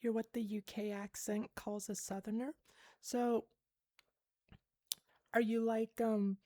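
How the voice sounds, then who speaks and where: Woman, livestream chat, slow, rambling, fillers and giggles, dry close sound. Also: medium pitch, dark tone, dry recording. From United States.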